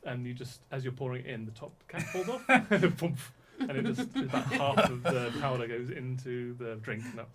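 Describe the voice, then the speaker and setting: A man's voice: mid-range voice, expressive, normal speed, hardly any pauses, crowd noise. A man narrating as dungeon master in a tabletop game, with genial, chuckling delivery.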